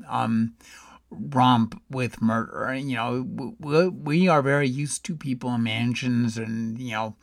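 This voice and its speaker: Slow, gravelly man interviewing. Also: medium pitch, dry recording, clean studio sound. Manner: measured, hesitant, clears his throat. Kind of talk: interview questions and comments.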